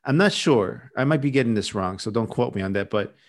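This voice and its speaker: A man's voice: medium pitch, expressive, brisk. A man hosting a podcast, telling stories in a rambling, chatty way with lots of restarts. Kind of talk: casual chat.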